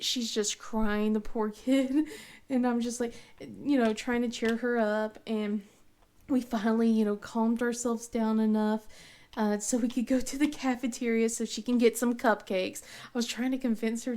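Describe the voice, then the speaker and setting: A woman's voice: fairly high pitch, fairly even intonation, moderate pace, darkish tone. A woman in her thirties hosting a craft channel, telling a family story in a rambling, casual way with lots of fillers and restarts, often laughing as she goes.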